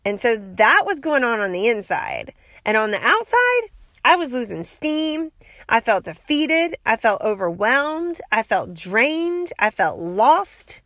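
A woman's voice: fairly high pitch, very animated, takes it slowly, a bit bright, no echo, clean studio sound. A middle-aged woman hosting a podcast, sharing a heartfelt faith testimony in her car with earnest storytelling and light laughs. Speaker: podcast host. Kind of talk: personal faith testimony monologue.

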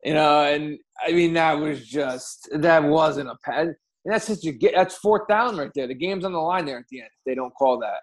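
Dude with kinda high voice chatting sports bets, casual and wry. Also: male voice, moderate pace, few pauses. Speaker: podcast co-host. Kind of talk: casual sports betting chat.

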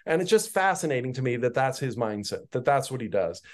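Male Bible teacher, podcast; mid-pitched, relaxed, chatty asides. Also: a little fast. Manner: conversational, animated retelling with asides.

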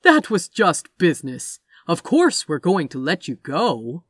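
A woman's voice: on the low side, very animated, measured pace, slightly rough, no room sound, full character voice. Slick, salesman-like male villain, as a woman reader puts him on for a storybook reading; persuasive and falsely friendly, dry close sound. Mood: smooth.

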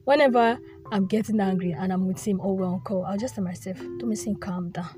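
A woman's voice: mid-range voice, fast, dark tone, faint music behind. A young woman giving an earnest devotional talk, often repeating her phrases. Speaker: devotional speaker. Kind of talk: informal devotional teaching.

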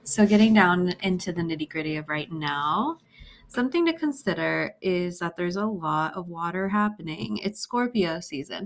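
Valley girl-ish woman rambling on her solo podcast, lots of likes and ums, bit nervous. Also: on the low side. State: a little nervous. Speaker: podcast host. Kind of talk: casual solo podcast chat.

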